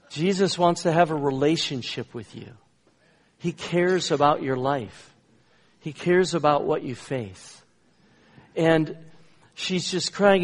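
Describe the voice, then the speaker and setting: A man, a guest pastor, telling a story in a sermon, swinging between loud emphatic lines and hushed soft ones. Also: a little high, measured pace. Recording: long reverb in a large hall.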